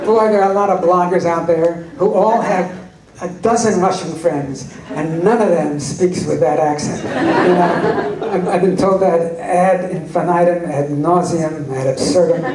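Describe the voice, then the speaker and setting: A man's voice: on the high side, measured pace, crowd noise. A man answering audience questions as a guest at a fan convention panel, telling wry anecdotes. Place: large convention hall. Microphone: recorded from the audience. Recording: echoey hall recorded from far off.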